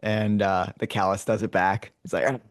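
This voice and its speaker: A man's voice: fairly low pitch, level tone, moderate pace, no room sound, clean studio sound. A man casually retelling a movie's story to his brother, full of fillers and restarts and acting out lines and roars as he goes. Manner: rambling, many fillers and restarts; acts out lines and roars as he tells it. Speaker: podcast host retelling a movie.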